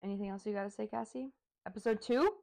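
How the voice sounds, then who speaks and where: A woman's voice: mid-range voice, fast talker, creaky, darkish tone. A woman co-hosting a casual podcast, chatting emphatically and repeating her points. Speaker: podcast co-host. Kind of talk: casual chat.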